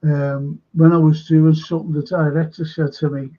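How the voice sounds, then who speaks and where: A man with a high, husky voice spins a rambling anecdote and throws himself into the quoted dialogue. The sound is dull and lo-fi. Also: flat delivery, normal speed. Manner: rambling storyteller, acts out quotes animatedly. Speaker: show co-host. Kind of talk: casual anecdotal chat.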